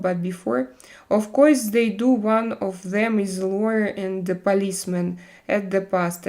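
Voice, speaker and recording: A Russian-accented woman chats with her viewers on a livestream in hesitant English, stopping often for fillers. Her delivery is slow and unhurried, and her pitch sits in a middle range. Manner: hesitant, halting non-native English with many fillers. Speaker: livestream host. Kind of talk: casual livestream chat with viewers.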